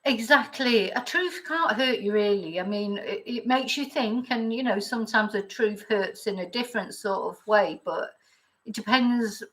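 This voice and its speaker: A middle-aged woman hosts a relaxed live chat. She rambles from thought to thought, greets commenters by name and laughs easily as she talks. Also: mid-range voice, moderate pace, low-quality recording. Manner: chatty and rambling, reads viewer comments, laughs often. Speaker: YouTube chat host. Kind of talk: casual live-chat talk.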